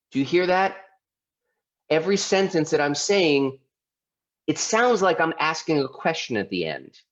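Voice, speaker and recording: A man giving a conversational talk as a lawyer and speaker, often asking his audience questions. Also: medium pitch. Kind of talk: lecture presentation. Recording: dull lo-fi sound.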